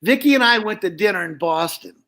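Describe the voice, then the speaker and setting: A man, a ventriloquist guest, telling show-business stories in an animated, chatty way. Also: sits high, a little fast. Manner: animated storyteller, chuckling at old jokes. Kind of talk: casual interview chat.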